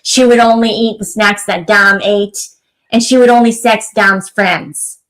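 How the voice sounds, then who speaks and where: A woman's voice: mid-range voice, steady tone, measured pace, a bit bright, natural voice, low-quality recording. A woman playing a self-pitying, sarcastic mother in a comedy sketch, pretending to cry. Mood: mock-tearful. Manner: mock-tearful, sarcastic, overdramatic. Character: self-pitying middle-aged mother fake-crying.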